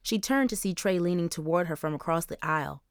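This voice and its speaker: A woman reading a novel aloud as an audiobook narrator, clear and even. Her voice sits a little low. The recording is dry and close, with no room sound. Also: a little fast, no room sound. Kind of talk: scripted narration.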